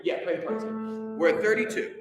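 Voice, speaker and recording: Leading a choir rehearsal in a large room, a man speaks quickly in a voice that sits high, with music in the background. He's upbeat and teasing as he coaches and counts in the singers, all of it echoing with long reverb.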